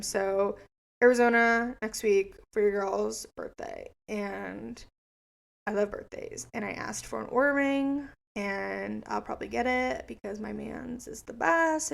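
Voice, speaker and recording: A woman's voice: a little high, vocal fry. A young woman in her twenties hosting a casual solo podcast, chatty, rambling and profane. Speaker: podcast host.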